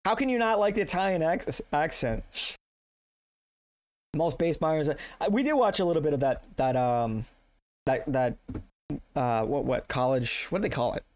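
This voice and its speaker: A man's voice: a little high, animated, moderate pace, long pauses, dry recording. A male streamer chatting casually with his audience, laid-back and slangy, laughing often. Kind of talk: casual live-stream chat.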